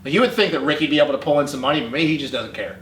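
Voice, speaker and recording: A man chats as co-host of a casual show, talking quickly and rambling with laughs and swearing. His voice sits a bit high. He is recorded in a roomy, echoey space with faint hiss. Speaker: podcast co-host. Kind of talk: casual chat. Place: home studio. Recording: echoey room with faint noise.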